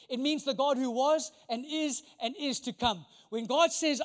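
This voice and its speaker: A man's voice: very high-pitched, normal speed. A man preaching a sermon as pastor, emphatic and full of rhetorical questions. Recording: long reverb of a large hall.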